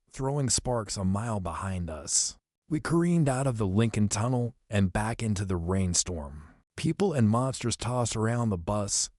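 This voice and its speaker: A man reading an adventure novel aloud as an audiobook narrator, telling the action briskly in the first person. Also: lowish voice, darkish tone, no room sound, studio quality. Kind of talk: scripted storybook narration.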